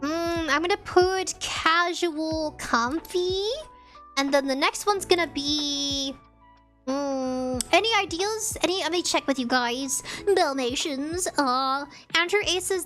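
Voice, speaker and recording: A high-voiced woman streaming live, chatting loosely with her viewers and giggling as she drifts from one thing to the next. Her voice has a slight rasp to it. Soft music plays faintly underneath. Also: slow. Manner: rambling, giggly, easily sidetracked. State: slightly raspy. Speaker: VTuber livestreamer. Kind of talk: casual livestream chat, reading chat messages.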